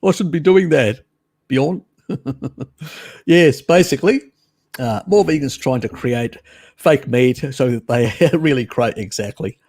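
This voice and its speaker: A man's voice: medium pitch, unhurried, a little mellow. A man hosting a casual live stream, chatting with viewers in a teasing, cheeky way and laughing often.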